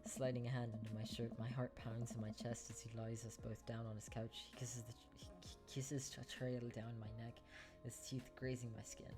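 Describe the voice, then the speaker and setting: Male streamer, playful casual read of game text over clear background music. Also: medium pitch, level tone, moderate pace, few pauses. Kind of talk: reading a dating game aloud.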